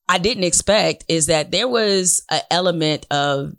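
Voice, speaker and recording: A woman's voice: low voice, animated, moderate pace, hardly any pauses, fairly bright tone, dry recording, clean studio sound. A woman from Detroit hosting a podcast interview, talking bluntly and emphatically and swearing freely. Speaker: podcast host. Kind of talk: casual conversational interview.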